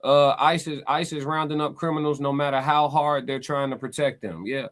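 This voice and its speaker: A man hosting a casual livestream, reading chat comments aloud and pushing back in emphatic, slangy, animated talk. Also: on the high side, moderate pace. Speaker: podcast host reading live chat.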